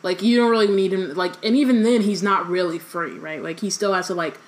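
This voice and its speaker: A woman's voice: medium pitch, fairly even intonation, fairly quick. A young woman co-hosting a casual chat podcast, easygoing, laughing often and using "um" and "like". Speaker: podcast co-host. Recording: faint background noise.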